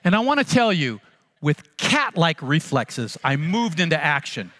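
Bright, animated storytelling pastor man. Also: on the high side, unhurried. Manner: animated, self-mocking, comic timing. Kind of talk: humorous sermon storytelling.

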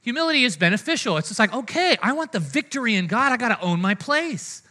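Bright, high-voiced preacher man. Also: brisk. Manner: conversational preaching, frequent "right?" and "amen?" asides to the congregation; swings from loud and energetic to soft and hushed. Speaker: pastor. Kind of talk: sermon.

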